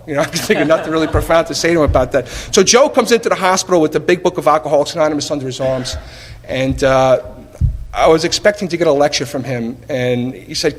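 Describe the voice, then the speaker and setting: A man shares his recovery story before a live audience, lively and wry, throwing out rhetorical questions and playing both sides of old conversations. His voice sits fairly high. The tape carries the long reverb of a large meeting hall. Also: quick pace. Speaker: speaker sharing at a recovery meeting. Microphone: taped at a live meeting.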